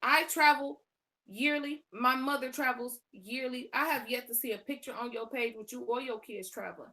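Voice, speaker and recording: A woman co-hosting a live stream, firing off profane, cutting comebacks. Her voice is high and bright. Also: normal speed. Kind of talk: heated live commentary.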